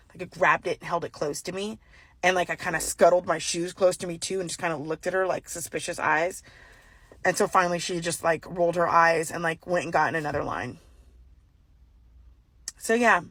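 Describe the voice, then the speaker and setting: A woman casually telling a personal story, animated and full of fillers. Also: fairly low pitch, no echo. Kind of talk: casual anecdote.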